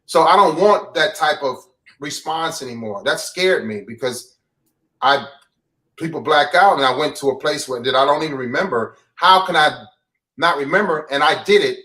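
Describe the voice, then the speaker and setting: A man with a somewhat high voice talking openly about himself as an interview guest. He speaks bluntly and reflectively, restarting and repeating phrases, and his voice sounds a bit distant from the microphone. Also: moderate pace, sharp tone. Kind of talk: candid confessional talk.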